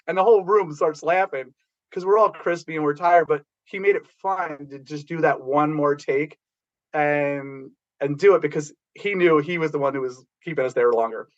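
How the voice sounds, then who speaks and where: A middle-aged man tells stories in a loose, rambling way, full of restarts. His voice sits a little high for a man. The recording sounds dull and lo-fi. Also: brisk. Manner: rambling, animated storytelling with restarts. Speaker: guest, background actor. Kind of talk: casual anecdote telling.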